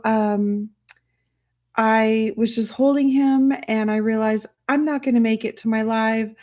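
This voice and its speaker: A woman hosting a casual livestream, talking softly and emotionally, rambling with many fillers and restarts while reading chat. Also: a little high. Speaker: livestream host.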